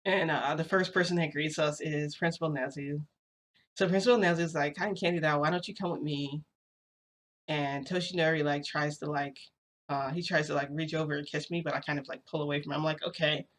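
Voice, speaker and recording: A woman's voice: low-pitched, steady tone, fairly quick. Woman rambling through a story on her vlog, lots of likes and ums. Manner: chatty, rambling, many fillers. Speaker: vlogger.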